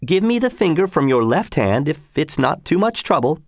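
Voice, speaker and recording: A man voicing a cheerful, overly polite old executioner in a high, chirpy voice. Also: sing-song, moderate pace, dry recording, clean studio sound. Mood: cheerfully polite.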